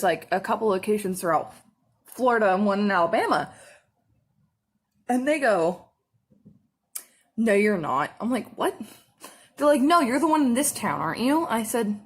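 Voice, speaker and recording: A young woman telling a story in casual chat while doing her makeup, acting out the customers she dealt with. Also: medium pitch. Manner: animated storytelling, acting out customers in quick bursts. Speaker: makeup vlogger.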